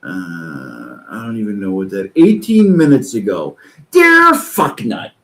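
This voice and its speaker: A man's voice: low voice, wildly swooping pitch, unhurried, dark tone, faint music behind. A man reading posts aloud and commenting on them in a profane, exasperated rant.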